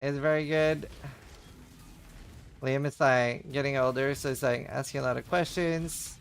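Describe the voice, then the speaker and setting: A man's voice: medium pitch, fairly even intonation, a little slow, gravelly, a little hiss or hum. A man live-streaming a game, chatting casually and answering his chat between plays.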